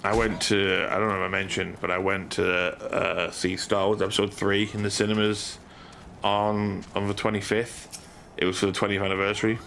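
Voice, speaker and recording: A man's voice: lowish voice, level tone, normal speed, vocal fry, a bit bright, slight background noise. A man streaming a game live, chatting to viewers in a goofy, rambling way. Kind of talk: live gameplay stream chat.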